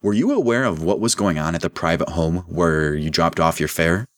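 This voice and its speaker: A man voicing a formal male senator who chairs a hearing in a measured way. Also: sits low, lively intonation, fairly bright tone, dry recording, clean studio sound.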